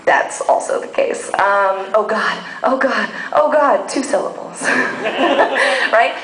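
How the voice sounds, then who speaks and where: A woman telling a bawdy story live on stage, expressive and laughing often, captured on a phone in an echoey room. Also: mid-range voice, slight background noise. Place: live venue with audience. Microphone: phone recording.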